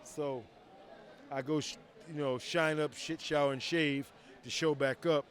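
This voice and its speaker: A man telling stories in a casual interview, acting out quoted dialogue with lively voices and frequent swearing. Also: a little high, moderate pace. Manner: animated, acts out quoted dialogue, swears freely. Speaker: retired fighter telling stories. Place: outdoors at a convention.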